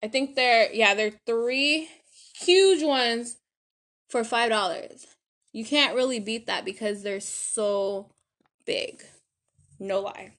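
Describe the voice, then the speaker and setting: Lady podcast host, talking slow and chatty while cooking, kinda high bright voice. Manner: chatty, addresses listeners as y'all. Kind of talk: casual chat while cooking.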